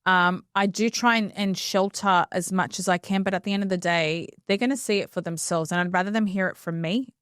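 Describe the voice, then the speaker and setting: A woman's voice: lowish voice, brisk, hardly any pauses, fairly bright tone, clear, resonant tone, dry recording, clean studio sound. A woman guest on a podcast, chatting frankly and earnestly about family life with plenty of fillers. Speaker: podcast guest, mum and content creator. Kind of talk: casual podcast chat.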